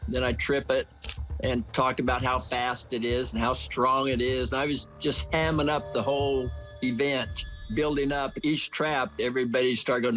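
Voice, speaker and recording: A man's voice: mid-range voice, fairly even intonation, normal speed, a bit bright, poor audio. A man in his seventies telling a story in a plain, folksy way during a documentary interview. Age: 70s. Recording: faint music underneath. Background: faint music.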